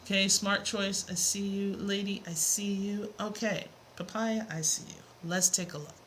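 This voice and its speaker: A woman's voice: medium pitch, fairly even intonation, normal speed, fairly bright tone, a little hiss or hum. A woman teaching math on a live stream, greeting viewers by name and explaining steps with playful asides. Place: home room with a fan running.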